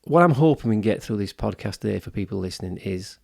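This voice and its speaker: A man's voice: lowish voice, expressive, quick pace, gravelly, darkish tone. A man, co-hosting a wellbeing podcast, talking earnestly with lots of restarts. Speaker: podcast co-host. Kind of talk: casual podcast discussion.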